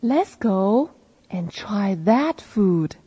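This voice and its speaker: Female reading teacher, mellow and husky, very slow and lively phrase-by-phrase repetition. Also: medium pitch. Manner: repeats each phrase slowly and clearly after a male reader. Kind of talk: slow read-aloud for learners to repeat.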